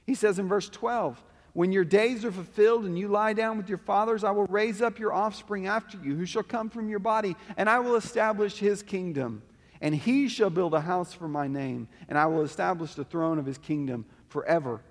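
A man's voice: high voice, moderate pace. A man preaching a sermon in what sounds like a large church sanctuary, his voice sitting a little above the usual male range. He teaches earnestly and reads long scripture passages with rising emphasis, and a long reverb trails each phrase. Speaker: pastor.

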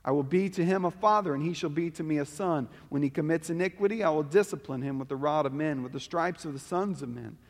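A man's voice: a little high, fast, few pauses. A man preaching a sermon, teaching earnestly and reading scripture passages aloud with rising emphasis. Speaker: pastor. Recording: long hall reverb.

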